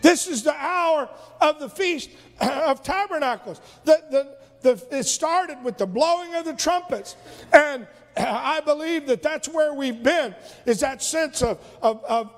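A man's voice: extremely high pitch, unhurried, big-room sound. A male minister preaching a sermon, emphatic, repeating words and asking the congregation rhetorical questions.

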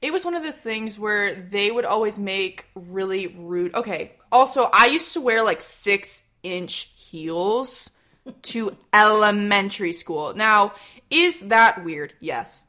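Animated young woman, lively and bright. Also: medium pitch, takes it slowly. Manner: animated, swears freely, laughs often. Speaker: podcast host. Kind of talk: casual chat.

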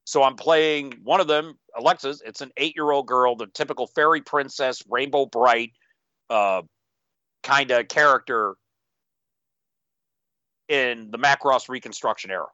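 A man chatting casually about running tabletop games, telling his stories with animated, playful voices. His voice is bright and forward. The sound is dry and a little dull, as if from a modest mic. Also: mid-range voice, measured pace, long pauses, no room sound. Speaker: game master and podcast co-host. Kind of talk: casual chat.

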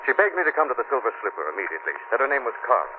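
A man voicing a suave hero who speaks quickly, urgently and persuasively, his voice lively and rising and falling. The 1940s broadcast sounds thin, as if over a telephone. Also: medium pitch, background noise, close to an everyday voice. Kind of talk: 1940s radio acting. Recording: tinny old radio broadcast.

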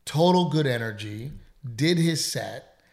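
A middle-aged man with a gravelly, creaky edge to his voice, chatting on a podcast at a middle pitch. He tells his story candidly and with emphasis, and he swears freely. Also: expressive, a little slow. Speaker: comedian and podcast co-host. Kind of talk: casual storytelling chat.

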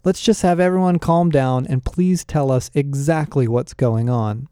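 A man's voice: fairly high pitch, a little slow, dark tone, dry recording, studio quality, close to an everyday voice. Man doing a cheeky, laid-back young man. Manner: casual, unbothered.

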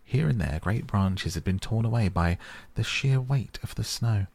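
A man's voice: fairly low pitch, normal speed, creaky, no room sound, voice pushed up. Man doing a cheerful bold otter. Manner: hearty and lively storytelling.

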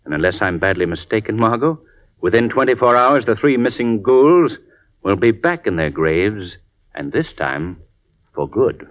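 A suave composed gentleman detective. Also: on the low side, sing-song, normal speed. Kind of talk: 1940s radio acting. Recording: dull lo-fi old radio recording.

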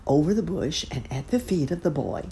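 Casting: a woman narrating a children's story, low and mellow with a lilting delivery. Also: sing-song, brisk, gravelly, a little hiss or hum.

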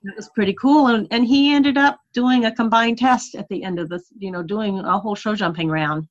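A woman recounting her early riding days as an interview guest. She tells the story in an animated, unhurried way, her voice rising and falling with the tale. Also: medium pitch, lo-fi sound. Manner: animated storyteller, laughs while recalling. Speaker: interview guest, horse rider.

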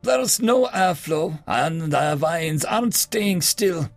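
A blunt, level-headed adventurer, played by a male narrator. The voice is pitched up a little and husky, and it speaks plainly. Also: lively intonation, takes it slowly, no echo, faint music behind, exaggerated voice.

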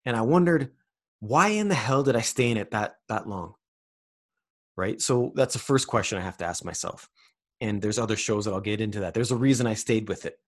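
A male vlogger delivers a loose, rambling spiritual self-help monologue, swearing for emphasis and firing rhetorical question after question at the listener. His fairly low voice is expressive and fairly quick.

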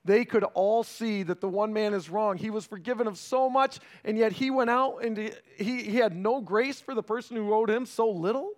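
Preaching in a high male voice, this pastor keeps his sermon conversational and often checks in with his congregation. For emphasis he alternates between raising his voice and dropping to a slow, hushed tone.

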